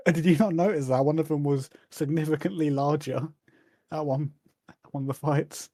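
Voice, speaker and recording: Man, podcast co-host, casual chat, warm dark tone, dry close sound. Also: on the high side, fairly even intonation, normal speed, no room sound.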